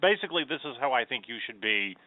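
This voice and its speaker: A man's voice: medium pitch, sing-song, fast talker, no echo. A man hosting a casual nerd talk show, upbeat and chatty, with rambling fillers. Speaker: podcast host. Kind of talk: casual radio show chat. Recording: tinny phone-like sound.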